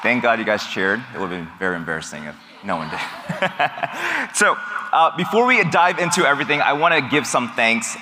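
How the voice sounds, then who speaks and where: A man giving an energetic keynote on stage in a large conference hall, hyping the audience with call-and-response while losing his voice. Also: medium pitch, normal speed. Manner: hypes the crowd with call-and-response. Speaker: business coach speaking on stage. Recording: reverberant hall, loud crowd noise. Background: cheering crowd.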